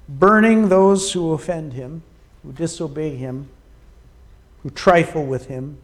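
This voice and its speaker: A man preaching a sermon, emphatic and dramatic, often dropping to a quiet, low delivery for weight. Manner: slow, emphatic preaching with dramatic drops in volume.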